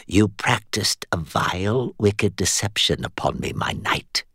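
A man voicing a cold, ancient female fae queen who speaks in a slow, measured hiss. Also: sits low, animated, fairly bright tone, breathy edge, dry recording, clean studio sound, full character voice. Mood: menacing. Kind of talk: audiobook character voice.

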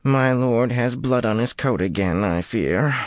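A man's voice: medium pitch, unhurried, no echo, clean studio sound, pitched above the performer's own voice, lightly acted. A man voicing a prim, fussy manservant who murmurs in melancholy tones.

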